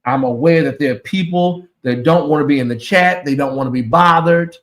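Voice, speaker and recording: A man hosting a casual livestream, speaking in a somewhat high voice. He addresses his viewers directly with a sassy, animated delivery that swings between teasing and heartfelt thanks. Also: fairly quick. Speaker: livestream host.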